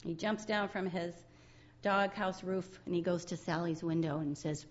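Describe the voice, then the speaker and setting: A woman's voice: lowish voice, normal speed, highs cut off. A woman giving a sermon in a chatty, conversational way, often breaking into laughter.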